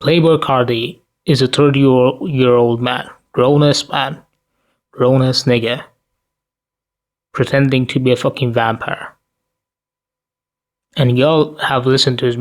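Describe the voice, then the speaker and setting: A sleepy man rants straight to camera in an ordinary mid-pitched voice. His talk is crude and cutting, full of rhetorical questions and swearing. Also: steady tone, slow, long pauses. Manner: profane, blunt, rhetorical questions. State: tired, sleepy. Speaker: commentary vlogger. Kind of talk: ranting commentary to camera.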